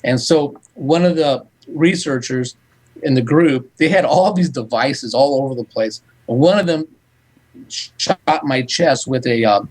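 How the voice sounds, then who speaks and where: A man talking as a psychic medium guest, recounting events in animated storytelling and quoting back-and-forth dialogue. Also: medium pitch, unhurried, low-quality recording. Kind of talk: storytelling in a radio interview.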